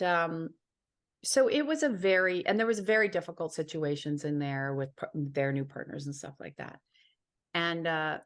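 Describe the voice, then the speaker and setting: A woman from Ontario, Canada, a healer and psychic, telling a personal story as an interview guest in an earnest, heartfelt way, repeating phrases for emphasis. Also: sits low.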